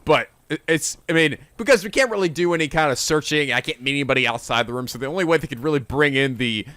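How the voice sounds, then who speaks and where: Excitable male let's-play host, high and bright. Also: quick pace, dry recording. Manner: excitable, swearing, laughing asides. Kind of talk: game commentary.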